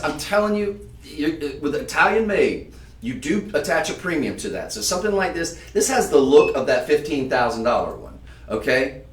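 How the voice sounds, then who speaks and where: A man hosting a live-stream jewelry sale, talking to viewers in a chatty, emphatic sales pitch. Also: roomy sound, distant mic. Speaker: shopping channel host.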